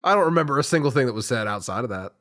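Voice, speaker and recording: A man co-hosting a podcast in casual chat, animated and rambling, swearing freely as he tells stories. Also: mid-range voice, very fast. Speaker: podcast co-host and editor.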